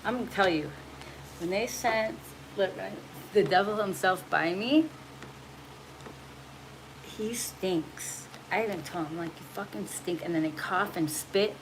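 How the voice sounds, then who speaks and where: A woman's voice: medium pitch, measured pace, long pauses. A woman giving a spiritual message in a casual livestream, blunt and preachy, swearing freely. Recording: noisy home recording.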